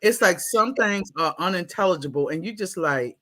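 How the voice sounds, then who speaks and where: Baltimore woman, animated storyteller with a bright voice, who mimics people as she talks. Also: fairly low pitch, normal speed. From Baltimore, USA. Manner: animated, laughing, acts out quotes in exaggerated voices. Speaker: guest, school staff. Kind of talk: casual storytelling interview.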